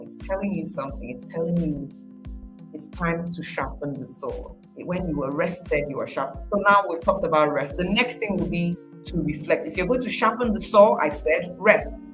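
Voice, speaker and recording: Woman, motivational speaker, casual chat, repeats herself, clear music bed. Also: on the low side, expressive, moderate pace, rough recording. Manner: conversational, repeats phrases, acts out quoted voices.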